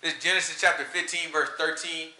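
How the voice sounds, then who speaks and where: A man teaching scripture in an informal, conversational sermon, slangy and animated, often checking in with "right?". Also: fairly high pitch, fairly quick, echoey room. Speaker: teacher leading a scripture study.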